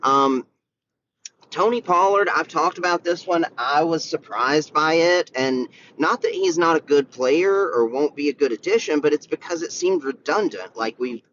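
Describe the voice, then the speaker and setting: A man's voice: a little high, moderate pace, a bit bright, muffled recording, a little hiss or hum. A man hosting a casual solo sports podcast, talking in an enthusiastic, rambling way with many fillers and restarts.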